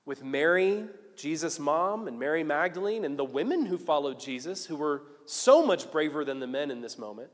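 A man preaching a sermon as casual storytelling in slang, often rising to loud emphasis. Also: a little high. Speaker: pastor. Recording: long reverb of a large hall.

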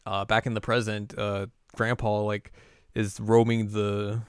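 A man co-hosts a podcast, rambling through a jokey episode recap full of fillers. His voice is smooth and resonant. The sound is dry and close to the mic. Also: on the low side, level tone, a little slow, no echo. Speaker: podcast co-host. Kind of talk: casual chat, episode recap.

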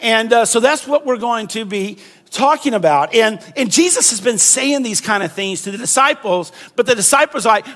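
A pastor delivers a sermon in a conversational way. His voice sits high for a man. He acts out the people in his story with animated delivery. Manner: animated, conversational preaching with acted-out quotes.

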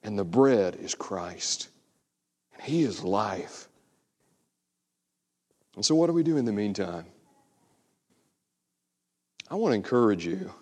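A man's voice: lowish voice, sing-song, slow, long pauses, darkish tone, husky. A man preaching a sermon, earnest and building to emphatic exhortation. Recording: long hall reverb.

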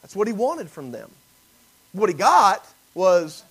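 A man preaching a sermon, acting out biblical voices and swinging from loud emphasis to near whispers. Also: high voice, big pitch swings, a little slow, breathy edge, poor audio. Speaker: pastor.

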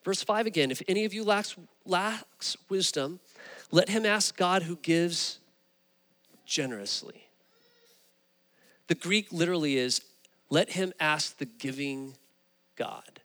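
A man preaching a sermon, telling stories with animated, rising emphasis. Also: high-pitched, slow, long pauses, in a large hall. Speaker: pastor.

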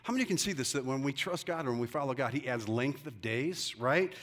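A man preaching a lively sermon to his congregation, joking and calling on the crowd to respond, on a brightly lit church stage. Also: mid-range voice, fairly quick. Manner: energetic, joking, calls on the congregation. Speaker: pastor.

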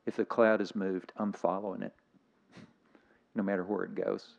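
Older man preaching, low and emotional. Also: flat delivery, moderate pace, vocal fry, highs cut off. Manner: reflective, emotional, slightly weepy. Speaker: guest preacher. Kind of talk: sermon.

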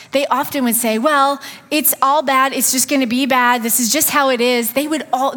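A woman preaching a sermon in an earnest way, acting out quoted complaints and dropping into soft asides. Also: a little high, slightly rough. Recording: long hall reverb.

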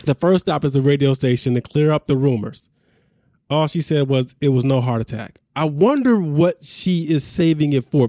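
A man talks through a reality episode in easy, chatty podcast fashion. His voice sits a bit high but sounds mellow and warm. The recording is close and dry. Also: no echo. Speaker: podcast co-host recapping a reality show. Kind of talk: casual chat.

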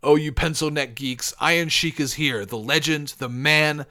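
A man putting on a tough wrestler voice to read out a loud, intense promo. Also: on the high side, fairly even intonation, moderate pace.

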